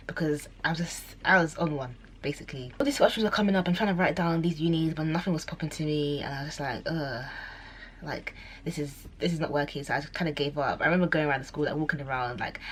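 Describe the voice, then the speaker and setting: Low-voiced young woman rambling to camera. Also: a little hiss or hum. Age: young adult. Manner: chatty, rambling, many "like"s and self-corrections; acts out quoted voices with sudden high squeals. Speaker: vlogger. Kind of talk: casual storytelling to camera.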